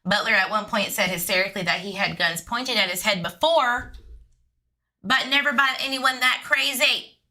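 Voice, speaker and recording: A woman with a sharp, forceful voice, reading police records aloud for a true crime channel. She keeps stopping to toss sarcastic, chatty remarks at her audience. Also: mid-range voice, moderate pace. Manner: sarcastic, chatty asides to viewers. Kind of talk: reading police documents with casual commentary.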